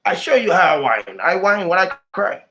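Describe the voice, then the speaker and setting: A man with a high voice rambles through an emotional vlog monologue. He swears freely and swings between loud, shouted bursts and low, muttered asides. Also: big pitch swings, normal speed. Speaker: vlogger.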